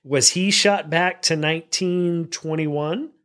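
A man's voice: on the high side, takes it slowly. A man co-hosting a podcast in casual, joking chat. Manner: joking, animated. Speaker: podcast co-host.

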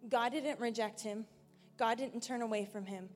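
A woman preaching a sermon earnestly on a church stage into a handheld mic, moving from raised emphasis down to a hushed near-whisper. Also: fairly high pitch, normal speed, long reverb tail, faint music behind.

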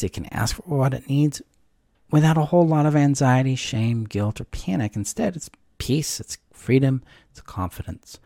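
A man teaching about codependency and boundaries, speaking gently and reassuringly, with frequent ums and likes. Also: medium pitch, vocal fry, dry recording, clean studio sound. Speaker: codependency coach and course teacher. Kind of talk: calm instructional talk to camera.

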